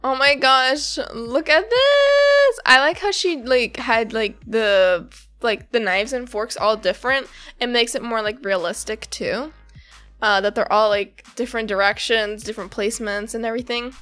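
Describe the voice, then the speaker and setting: A woman's voice: fairly high pitch, lively intonation, moderate pace, fairly bright tone, faint music behind. A woman reading a comic aloud and reacting casually, bubbly and giggly, gushing about the characters and rambling with lots of fillers.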